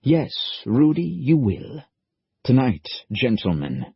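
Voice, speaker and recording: Scheming German-accented ringleader voiced by a male narrator, hushed, precise, husky. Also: mid-range voice, big pitch swings, slow, no echo, highs cut off, voice pushed up, heavily acted. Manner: precise, hushed commanding tones.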